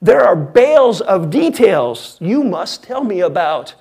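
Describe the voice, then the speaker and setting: A man's voice: high voice, big pitch swings, creaky, darkish tone, breathy edge, voice pushed up, full character voice. A preacher voicing a fretful old man who asks anxious questions in rhyme during a sermon. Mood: anxious pleading. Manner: rhyming, anxious, rapid questions.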